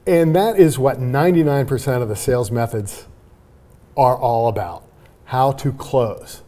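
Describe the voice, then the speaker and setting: Brief: male sales trainer guest, emphatic and animated, dark mellow tone. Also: medium pitch, a little slow. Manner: animated, emphatic, laughs while explaining. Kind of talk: conversational interview.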